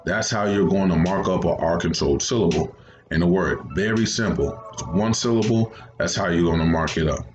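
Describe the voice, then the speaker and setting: A man's voice: low voice, a little fast, reverberant, highs cut off, over music. A man teaching a second grade phonics lesson, patiently repeating each step.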